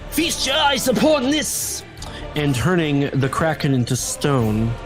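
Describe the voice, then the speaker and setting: A man co-hosting a podcast, giving a rambling, jokey plot recap in casual chat. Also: medium pitch. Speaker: podcast co-host.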